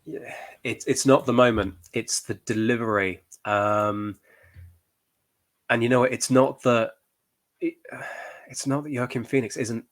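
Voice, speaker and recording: A man's voice: on the low side, no echo. A male historian giving reaction commentary, thoughtful and hedging, with frequent fillers.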